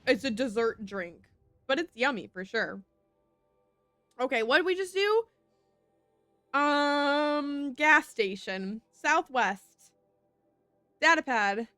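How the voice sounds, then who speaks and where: A woman's voice: high voice, sharp tone, no echo. A woman streaming a video game in a casual chat, talking to herself and laughing at her own slips.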